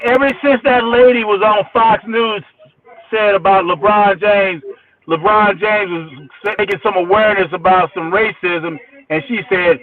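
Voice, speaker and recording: A man and working musician swaps road stories in a casual interview, animated and repeating himself as he builds each point. His voice sits high for a man. It reaches the listener thin and narrow, like a phone call. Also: a little slow. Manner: animated, repeats words, acts out quotes. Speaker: musician guest. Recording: tinny phone line.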